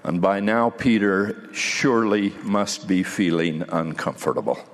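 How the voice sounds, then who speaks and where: A man giving a sermon in a measured way, with dramatic pauses, in a hall with a long echo. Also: sits low. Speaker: preacher.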